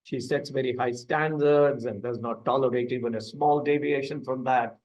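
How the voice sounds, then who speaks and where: A man's voice: mid-range voice, fairly even intonation, moderate pace, darkish tone, close to an everyday voice, rough recording. A man reading as a worried office worker. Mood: troubled.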